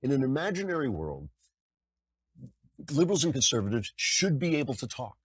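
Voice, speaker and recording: Brief: older male podcast host, husky low voice, lively pitch, dry close sound. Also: brisk, no echo. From United States. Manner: conversational, animated, mocking impressions. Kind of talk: political commentary monologue.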